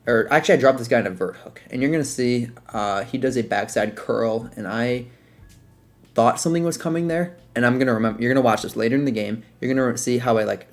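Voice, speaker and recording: A young man talks through his football video game plays in an easygoing, rambling way, full of fillers and restarts. His voice has a gravelly edge and sits at an ordinary pitch. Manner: relaxed, rambling, filler-heavy breakdown of plays. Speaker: gaming content creator. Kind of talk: casual gameplay commentary.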